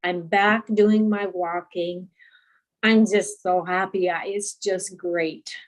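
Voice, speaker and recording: Lady on a group video call telling how her week went, slow and unhurried, chatty and sincere. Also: lowish voice, fairly even intonation, low-quality recording. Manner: chatty, heartfelt storytelling. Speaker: support group member. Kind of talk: casual check-in on a group call.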